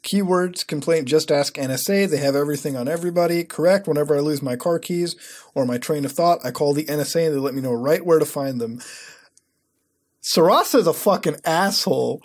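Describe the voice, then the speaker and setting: Young male commentator in his twenties, husky voice, swears constantly, sarcastic rants that spike up high. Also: a little fast. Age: 20s. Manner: profane, sarcastic ranting with sudden high-pitched outbursts. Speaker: web-browsing commentator. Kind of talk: casual screen-recording commentary.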